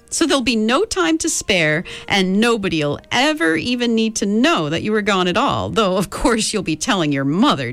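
A woman's voice: on the high side, pitched above the performer's own voice. A woman voicing a cheerful, motherly old female being from the stars who reassures children. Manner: bright, coaxing, reassuring.

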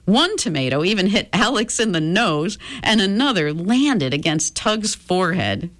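A woman reading a children's chapter book aloud in a gentle, expressive storytelling manner. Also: medium pitch, normal speed.

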